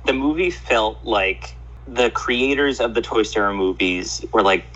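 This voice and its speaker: A man co-hosting a casual chat, telling joking, animated stories over lo-fi remote audio. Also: lowish voice, normal speed. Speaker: podcast co-host.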